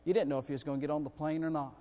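A man preaching a sermon to his congregation, in a folksy, animated way with calls for amens. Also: on the high side, racing. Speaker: pastor. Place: church sanctuary. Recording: long reverb in a church hall.

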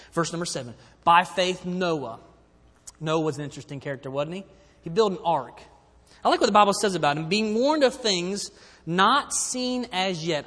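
A man preaching a sermon, often dropping to quiet emphasis and then rising again. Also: high-pitched. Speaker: pastor. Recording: long hall reverb.

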